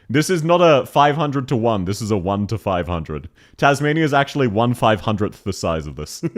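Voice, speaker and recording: A young man chatting casually on a live stream while playing a game, laughing often and answering chat. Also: mid-range voice.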